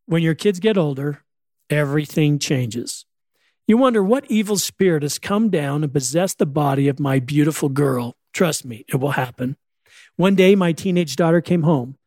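A man's voice: on the high side, animated, normal speed, darkish tone, no room sound, clean studio sound. An older man, a grandfather, telling family stories and jokes in a wry, storytelling way. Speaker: speaker on humor.

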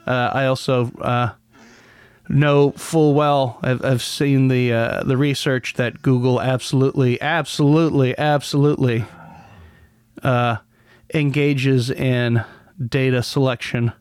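A man's voice: mid-range voice, fairly even intonation, unhurried, clean tone, dry recording. A man hosting a casual solo podcast, rambling with many restarts and a sardonic edge. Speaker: podcast host.

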